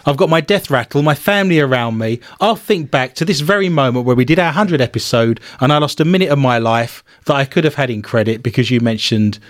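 A man's voice: mid-range voice, lively intonation, fast talker, few pauses, no echo, studio quality. A man hosting a podcast, reading odd news stories with sarcastic, playful asides. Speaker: podcast host.

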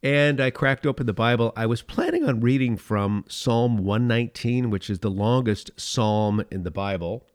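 An older man hosting a devotional podcast, telling a family story in a relaxed way and reading scripture aloud slowly. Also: mid-range voice, dry recording, studio quality. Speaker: podcast host.

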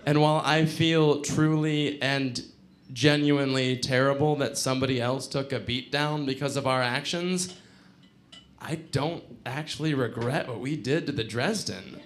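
A man in his twenties telling a personal story on stage, profane, wry and animated. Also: mid-range voice, unhurried, slight background noise. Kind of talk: live storytelling performance.

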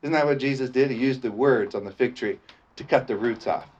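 A man's voice: mid-range voice, a little fast, a little mellow. A middle-aged man preaching a sermon, repeatedly asking his listeners for an "amen" and laughing often between points. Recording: dull lo-fi sound with faint noise.

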